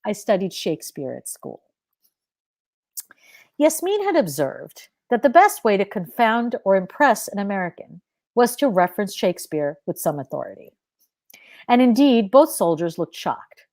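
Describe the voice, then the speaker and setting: A woman reads her own fiction aloud in a measured, expressive voice. Her pitch sits in a middle range, and the sound is dry and close with no room echo. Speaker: author reading her fiction. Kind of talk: live fiction reading.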